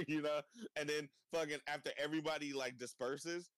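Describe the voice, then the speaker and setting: A man's voice: on the high side, lively intonation, fairly quick, fairly bright tone, no echo. A young man hosting a casual chat, laughing often, swearing freely and rambling about a cartoon episode. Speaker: podcast host.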